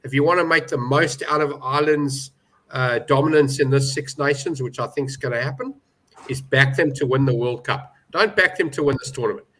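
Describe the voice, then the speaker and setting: A man's voice: mid-range voice, brisk, a bit bright. A man giving emphatic, indignant betting opinions on a panel, with many restarts. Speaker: betting pundit. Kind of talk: animated panel discussion.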